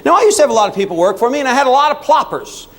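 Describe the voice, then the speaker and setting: A middle-aged man tells a comic workplace story from a stage. His voice sits fairly high and leaps around. He acts out the people in his anecdotes and talks straight to the crowd. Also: very fast, gravelly. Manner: animated storytelling with voiced characters and audience asides. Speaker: motivational speaker. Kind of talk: humorous keynote speech to an audience.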